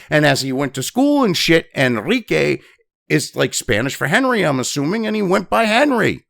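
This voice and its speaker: A man's voice: a little high, very animated, measured pace, vocal fry, a bit bright, no echo, studio quality. A man hosting a news commentary show, ranting angrily and swearing constantly. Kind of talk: angry profane rant.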